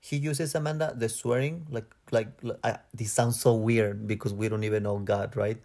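A man's voice: lowish voice, steady tone, moderate pace, dark tone. A man from Mexico with a Mexican Spanish accent, co-hosting a podcast in casual chat, rambling and correcting himself as he hunts for English words. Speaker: podcast co-host.

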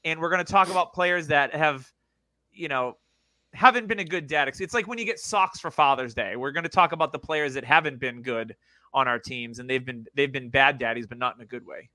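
A man's voice: medium pitch, fairly quick, bright, forceful tone, no echo. A man hosting a podcast in casual chat, joking and teasing his co-hosts. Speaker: podcast host.

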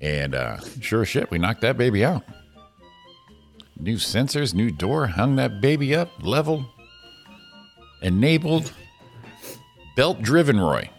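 A man's voice: medium pitch, very animated, slow, creaky, pauses often, soft background music. A man co-hosting a casual morning show, joking, laughing often and swearing casually. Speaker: co-host.

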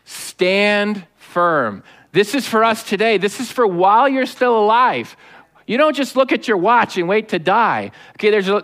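A middle-aged male pastor giving a lively, joking sermon to his congregation. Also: high voice. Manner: animated, joking, preaching to a live congregation.

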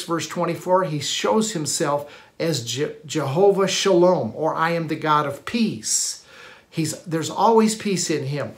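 A man preaching a sermon, emphatic and given to repeating phrases as he quotes scripture. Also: fairly high pitch. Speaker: pastor.

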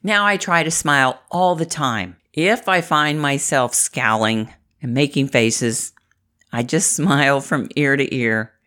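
A middle-aged Midwestern woman, an inspirational vlogger, gives an upbeat motivational talk to camera. Her bass voice is unhurried and a bit bright. She's chatty and encouraging, laughing often.

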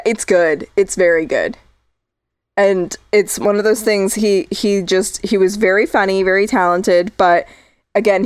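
This is a woman co-hosting a casual podcast, sliding from one tangent to the next and laughing easily. Her voice sits fairly low, and the recording is dry and close, with no room sound. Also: dry recording. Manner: chatty, tangential, laughs often. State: losing her voice. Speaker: podcast co-host. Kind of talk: casual chat.

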